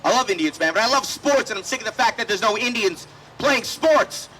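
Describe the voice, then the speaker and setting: A man's voice: high voice, lively intonation, fairly quick, pushed and bright, a little hiss or hum, poor audio. A man doing a brash, profane stand-up set at an outdoor festival stage, slipping into voices for the people in his stories. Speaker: stand-up comedian.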